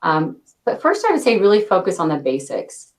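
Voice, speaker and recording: A woman in her thirties answers interview questions about her work. She talks with a quick cadence and laughs lightly now and then. Her voice sits fairly low for a woman. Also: huge pitch swings. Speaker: interview guest, product launch director.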